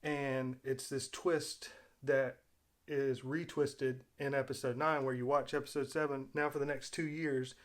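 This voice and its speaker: A man's voice: medium pitch, little pitch movement, measured pace. Man rambling through a casual commentary. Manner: rambling retelling with fillers and restarts. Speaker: video host.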